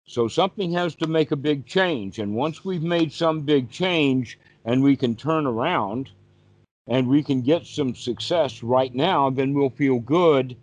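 A man's voice: mid-range voice, a little slow. A male meditation teacher giving a patient, repetitive teaching talk over a video call. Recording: dull, dry lo-fi call audio.

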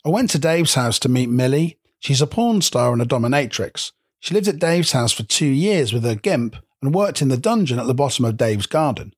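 A man's voice: medium pitch, animated, normal speed, husky, no room sound. A male narrator giving wry scripted documentary narration. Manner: dry, wry.

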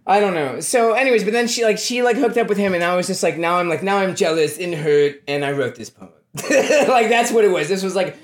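A man's voice: high voice, a little fast, few pauses, slight background noise. A young man, a podcast guest, telling stories in casual chat with lots of filler words. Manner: rambling storytelling, heavy "like" fillers.

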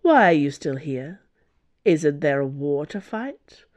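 A woman voicing a scheming, silver-tongued male noble held prisoner, speaking in a measured, wistful way. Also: deep voice, sing-song, a little mellow, heavily acted.

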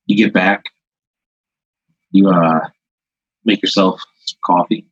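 Casting: low-voiced man spinning a rambling improvised tale, husky tone, dull dry audio. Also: fairly even intonation, dry recording. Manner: rambling, halting, many "like"s. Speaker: improv storyteller. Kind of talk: improvised second-person storytelling.

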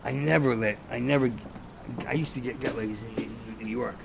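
Gravelly-voiced stuttering man, blunt and profane. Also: medium pitch, steady tone, fairly quick, background noise. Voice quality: stutter, repeats sounds. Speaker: stand-up comedian, guest. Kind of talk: casual conversation.

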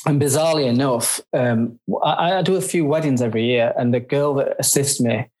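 Man, photographer guest, mid-pitch voice, chatty, halting restarts. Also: a little mellow. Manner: chatty, halting, self-described grumpy. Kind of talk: casual interview chat.

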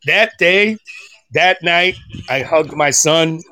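A man's voice: a little high, bright, forceful tone, no room sound. A middle-aged man on a podcast, talking casually and with feeling, often stumbling and restarting his sentences. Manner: halting, many restarts and fillers. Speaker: podcast guest. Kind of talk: casual emotional chat.

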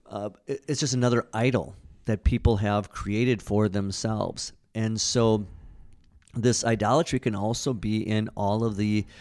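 A man's voice: on the low side, fairly even intonation, measured pace, darkish tone. A man co-hosting a casual Bible study discussion, talking in an earnest, conversational way with frequent restarts.

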